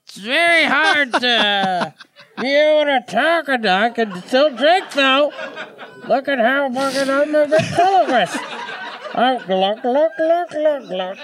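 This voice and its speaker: A man with a high, lively voice riffs through an improvised comedy bit, crude and joking, his speech slurred-sounding. A clear hiss of noise sits behind him. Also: slow, long pauses.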